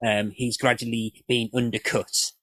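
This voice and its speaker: A man's voice: mid-range voice, flat delivery, a little slow, fairly bright tone, dry recording, poor audio. A man on a podcast panel, analysing an episode in casual chat with many restarts.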